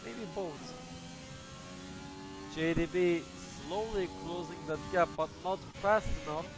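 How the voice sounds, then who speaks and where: A man commentates a sim racing event in a loose, unscripted way, hedging and trailing off as he follows the cars. His voice sits a little high for a man. Clear music plays under him the whole time. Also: takes it slowly. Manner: casual, hesitant, thinking aloud. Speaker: race commentator. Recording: music playing behind.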